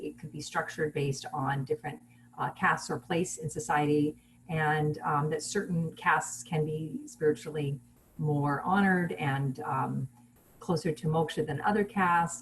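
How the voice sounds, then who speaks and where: Woman, online lecturer, lowish voice, casual teaching manner, video call mic, faint background noise. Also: rough recording. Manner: casual teaching with fillers and restarts.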